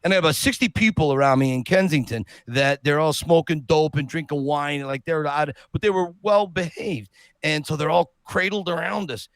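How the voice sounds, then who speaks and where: A man on a podcast telling an animated personal story, acting out the people he quotes. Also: on the high side, brisk, no room sound. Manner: lively anecdote teller who acts out quotes. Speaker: podcast guest.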